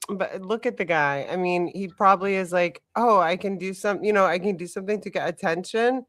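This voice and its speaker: A woman's voice: on the low side, brisk, a bit bright, no echo, studio quality. A woman co-hosting a live podcast, chatting casually with a wry, questioning manner. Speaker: podcast co-host.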